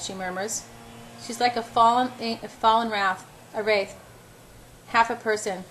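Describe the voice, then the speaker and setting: A woman's voice: on the high side, fairly even intonation, unhurried, fairly bright tone, a little hiss or hum, low-quality recording. Amateur woman reading a novel aloud. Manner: unpolished reading, stumbles and corrects herself aloud. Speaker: audiobook reader.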